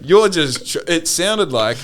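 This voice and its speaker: Animated Australian man telling a story. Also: fairly high pitch, measured pace. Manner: animated, swearing, laughing while telling a story. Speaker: podcast host. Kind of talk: casual storytelling chat.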